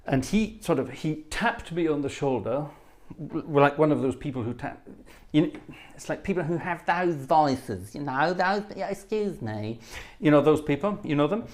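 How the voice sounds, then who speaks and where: A man's voice: on the high side, normal speed. A man hosting a livestream, telling anecdotes in a chatty, self-deprecating way between pieces of music. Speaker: livestream host and organist. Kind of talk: casual chat.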